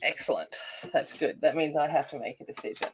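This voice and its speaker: An Australian woman hosting a casual colouring livestream. She chats while she works, greets viewers by name and thinks out loud. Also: sits low, fairly quick, a little hiss or hum. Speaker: adult colouring livestream host.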